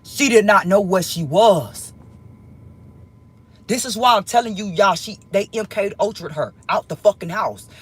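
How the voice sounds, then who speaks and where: A woman speaks straight to her viewers in a husky, slightly breathy voice. She tells her story in a heated, emphatic way and drives her points home by repeating them. She swears freely, and her pitch sits in an ordinary middle range. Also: lively intonation, measured pace. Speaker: vlogger.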